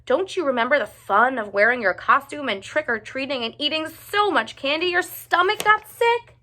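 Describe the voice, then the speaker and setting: A woman's voice: high-pitched, animated, normal speed, bright, forceful tone, a little hiss or hum, pitched above the performer's own voice. A woman doing an exasperated school principal. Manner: exasperated, exclaiming. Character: flustered male school principal.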